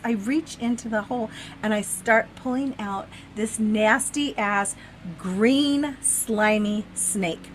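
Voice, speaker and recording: Middle-aged woman podcast co-host, chatty, expressive storyteller, laughs a lot, casual swearing. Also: on the high side, slow, slight background noise. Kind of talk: casual chat.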